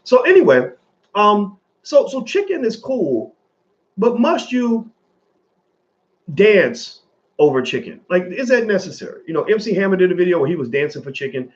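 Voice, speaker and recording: A man's voice: high-pitched, big pitch swings, moderate pace, highs cut off. A man in his forties giving casual, rambling commentary straight to his viewers, swearing freely.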